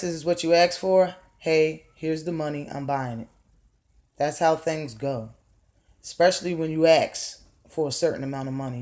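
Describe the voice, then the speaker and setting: Low-pitched and a little mellow, a woman rants in a vlog, laying out blunt opinions with plenty of swearing. She fires off rhetorical questions and often repeats words for emphasis, the whole thing heated.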